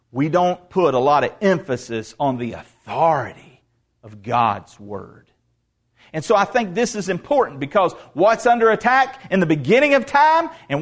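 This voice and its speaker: Man, pastor, emphatic sermon, repeats words for stress, high voice, swooping delivery.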